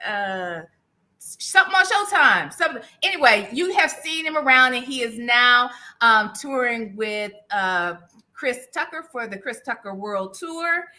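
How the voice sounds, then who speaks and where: Female stream host, bright higher voice, casual and playful. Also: lively intonation, a little slow. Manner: chatty, playful teasing, laughs often. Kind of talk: casual livestream interview.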